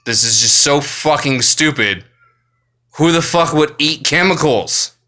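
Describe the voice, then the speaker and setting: A man delivers an exasperated, profanity-laced rant straight to his viewers. His voice sits a little high and sounds bright and forceful. He talks bluntly, like someone completely fed up. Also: unhurried. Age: adult, works full time. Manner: angry, swearing constantly, exasperated. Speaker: vlogger. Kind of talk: profane ranting monologue.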